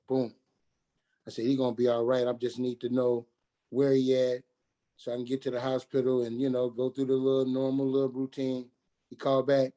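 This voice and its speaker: A middle-aged man tells a story from his own life on a radio talk show. His voice is dark and mellow, at a middling pitch. He halts, repeats himself and restarts, and he voices the people in the story as he quotes them. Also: completely flat delivery. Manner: halting, repeats and restarts, quoting others in dialogue.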